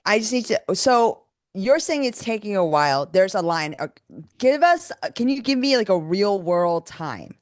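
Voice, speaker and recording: A woman's voice: mid-range voice, sing-song, moderate pace, no room sound, studio quality. A woman co-hosting a comedy podcast who chimes in with eager interjections and quizzing questions.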